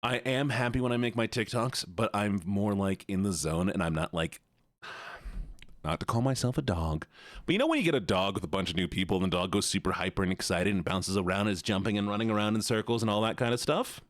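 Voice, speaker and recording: A man's voice: on the low side, a little fast, dry recording, studio quality. A man streaming live, chatting playfully and teasing his viewers. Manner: playful, excitable, teasing chat. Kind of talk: casual live-stream chat.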